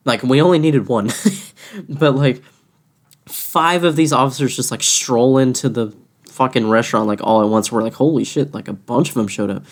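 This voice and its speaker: A young male restaurant cashier with a medium-pitched voice casually tells the story of a run-in with a rude customer at a normal speed. His retelling is animated and profane, full of frequent swearing, with laughter between lines.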